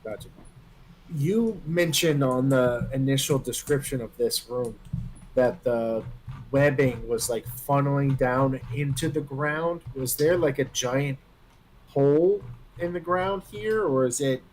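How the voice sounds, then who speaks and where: A man's voice: medium pitch, slow pace, a little mellow, a little hiss or hum, low-quality recording. A man playing a tabletop game, talking hesitantly with many fillers as he plans his character's moves. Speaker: player.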